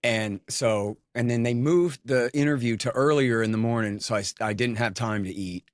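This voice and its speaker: A man's voice: medium pitch, moderate pace, dry recording, studio quality. A man as an interview guest talking in a blunt, rambling, cranky way, full of fillers and restarts, tired from little sleep. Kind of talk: casual conversation.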